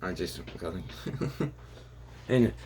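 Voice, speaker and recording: A young man casually narrating an improvised fan story, rambling and halting with many fillers and restarts. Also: low-pitched, slight background noise.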